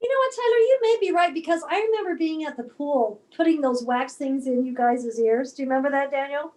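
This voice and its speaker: A woman's voice: sits high, a little fast, darkish tone. A middle-aged woman, a mother, chatting casually with her family and recalling her sons' childhood. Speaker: mother of grown sons.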